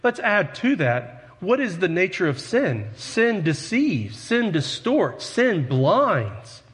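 Preaching slowly in a high, somewhat bright voice, this pastor is very animated. His sermon in the church sanctuary is earnest and conversational, with self-deprecating asides to the congregation, and the sound carries a long hall reverb.

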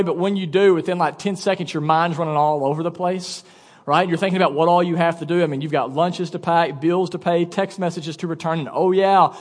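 A man in his thirties preaching a sermon as pastor, telling a story with quick asides and lively energy. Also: sits high, in a large hall. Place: church auditorium.

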